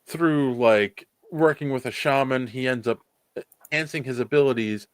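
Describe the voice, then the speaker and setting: A man co-hosting a podcast, reviewing a movie in casual chat, rambling and animated with many restarts. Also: mid-range voice, normal speed, smooth, no room sound. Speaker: podcast co-host.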